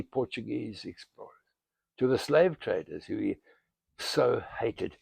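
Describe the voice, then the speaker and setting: An older man from South Africa, an explorer telling history as a dramatic storyteller, with a gravelly, husky voice and bursts of emphasis. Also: mid-range voice, animated, a little slow, a little mellow, dry recording. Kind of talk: storytelling monologue outdoors.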